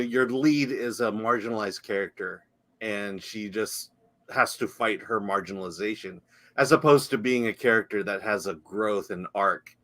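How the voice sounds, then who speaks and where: A man's voice: mid-range voice, fairly bright tone. A man co-hosting a live film talk show, making wry remarks and murmuring agreement. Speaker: podcast co-host. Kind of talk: casual chat.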